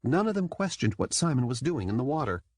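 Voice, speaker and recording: A man reading an audiobook in scripted narration, lively and quick to slip into character voices. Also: mid-range voice, no room sound, studio quality.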